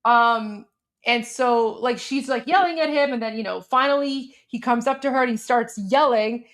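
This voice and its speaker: A woman's voice: on the high side, moderate pace. Chatty Iranian-born woman hosting a livestream. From Iran. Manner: chatty, many fillers and restarts, explaining a meme. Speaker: host. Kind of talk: casual livestream commentary.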